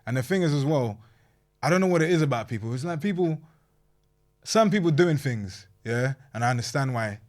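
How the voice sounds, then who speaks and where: A man's voice: mid-range voice, animated, a little fast. A young man, chatting bluntly as a podcast guest, swearing freely and saying bruv a lot. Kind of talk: casual chat.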